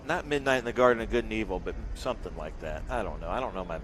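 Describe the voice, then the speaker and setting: A man's voice: lowish voice, very fast, fairly bright tone, slight background noise. A man doing live race commentary, joking around and reeling off long lists of drivers and cars.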